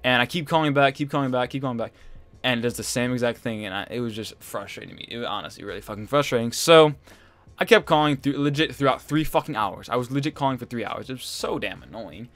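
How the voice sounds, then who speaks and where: A man's voice: mid-range voice, expressive, quick pace, fairly bright tone. Young guy ranting through a storytime. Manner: rambling, swears a lot, exasperated storytelling. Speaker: gaming channel host. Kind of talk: casual storytime over gameplay.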